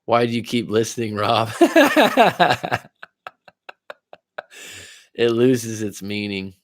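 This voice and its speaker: A man's voice: on the low side, little pitch movement, normal speed, no room sound, studio quality. A man coaching on relationships during a livestream, chatting casually, reading viewer comments and telling personal stories with frequent laughs.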